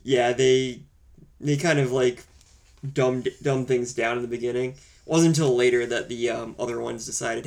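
A man's voice: mid-range voice, steady tone, moderate pace, vocal fry, darkish tone. A man co-hosting a casual movie review chat, rambling and hesitant with wry humor. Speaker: podcast co-host.

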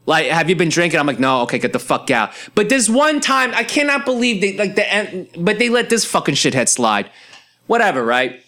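Young New guy, bright forceful voice, ranting and cursing about his day. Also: high-pitched, very animated, normal speed. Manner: profane, ranting, heated. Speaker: podcast host. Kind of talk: casual ranting monologue.

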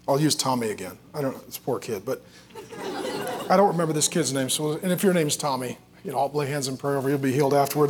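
A middle-aged male pastor preaching in a relaxed, conversational way, telling family stories and cracking self-deprecating jokes. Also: on the high side. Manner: joking, self-deprecating storyteller.

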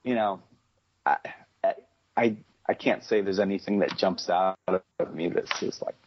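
A man's voice: low-pitched, unhurried, muffled recording, slight background noise. A man, a comic book writer, talking in a loose, rambling way full of restarts and wry asides in a casual conversation.

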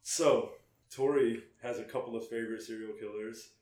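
A man's voice: medium pitch, steady tone, normal speed, darkish tone. Laid-back male co-host, casual musing chat, roomy echo. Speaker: podcast co-host.

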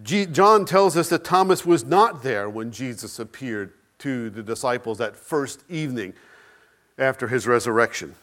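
A man preaching an Easter sermon, emphatic, with dramatic pauses and swings between loud and soft. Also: medium pitch, expressive. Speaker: pastor.

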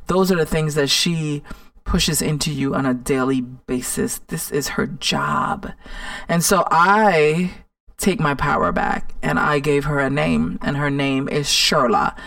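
A woman's voice: low voice, unhurried, vocal fry, dry recording. Brief: sassy woman life coach hosting a podcast monologue, dry sound, a little far from the mic. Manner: sassy, emphatic, repeats words for stress. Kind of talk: casual motivational monologue.

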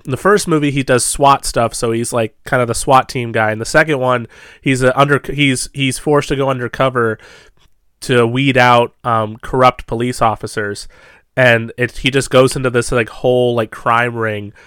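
A man's voice: medium pitch, fairly even intonation, moderate pace, fairly bright tone, smooth, dry recording, studio quality. A young man co-hosting a podcast, chatting casually about movies with lots of fillers and asides. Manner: chatty, rambling movie talk with frequent fillers. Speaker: podcast co-host.

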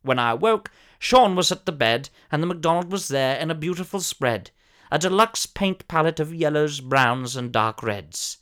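A man's voice: a little high, animated, moderate pace, a bit bright. Guy putting on a pompous old actor, fussy and over the top, voice swoops up and down a lot. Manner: theatrical, fussy, over-elaborate storytelling. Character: pompous elderly male former soap actor, grandiose. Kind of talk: comic character monologue.

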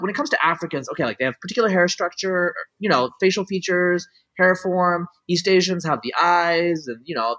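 A middle-aged man with a voice on the high side, sharp and breathy, is caught on a low-quality recording. Chatting casually, he opinionatedly explains his views in looping sentences packed with fillers like "like" and "you know," often starting over.

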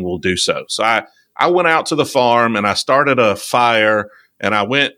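A middle-aged man with a slow Southern drawl, hosting a relaxed, folksy chat. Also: mid-range voice, no echo. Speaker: podcast host. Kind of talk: casual conversation.

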